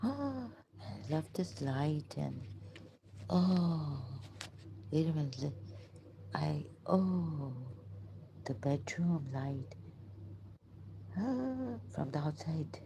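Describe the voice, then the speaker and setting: A woman talks slowly in a deep, dark voice, pausing often and sinking into whispers. She sounds overwhelmed and emotional. A faint hiss sits under her voice. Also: sing-song, gravelly. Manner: halting, hushed, often breaks into whispers. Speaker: vlogger. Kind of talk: unscripted spoken reflection.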